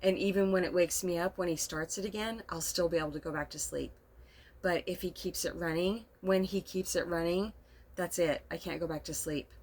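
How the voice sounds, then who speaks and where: A middle-aged woman telling a personal story in a casual vlog monologue, speaking softly and emotionally and rambling with frequent laughs. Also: on the low side, brisk. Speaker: vlogger. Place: inside a camper.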